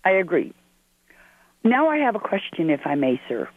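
A woman's voice: on the low side, big pitch swings, moderate pace, no room sound. A woman from Arizona calling in to a radio show, speaking politely and formally. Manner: polite, formal, says sir. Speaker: caller. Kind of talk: call-in radio. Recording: tinny phone line.

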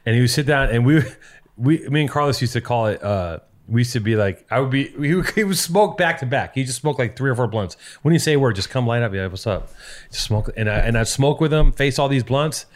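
A middle-aged man co-hosting a podcast, talking in a casual, halting, profane way with many restarts. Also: mid-range voice, lively intonation. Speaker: podcast co-host. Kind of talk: casual chat.

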